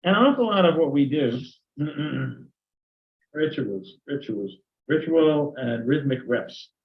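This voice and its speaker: A man's voice: on the high side, lively intonation, takes it slowly. An older man training teachers in a conversational lecture, sometimes acting out sample dialogues. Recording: dull lo-fi recording.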